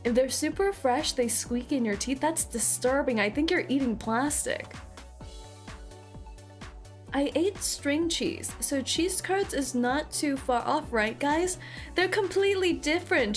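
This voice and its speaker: High-voiced playful woman streamer. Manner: playful, theatrical, teasing. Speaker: VTuber streamer. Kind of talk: casual live-stream chat with viewers.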